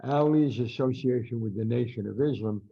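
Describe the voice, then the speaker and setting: An older man with a gravelly, husky voice tells ringside stories with energy. He acts out the voices of the people he quotes. The audio is dull and lo-fi. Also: medium pitch, moderate pace. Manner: animated storyteller, acts out quotes loudly. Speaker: guest boxing writer. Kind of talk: storytelling interview.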